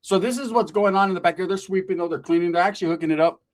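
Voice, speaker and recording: A middle-aged man spins a profane comic story full of slang and swagger. His voice sits a little higher than most men's. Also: very fast. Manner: swaggering, slangy, swears constantly. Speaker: stand-up comedian.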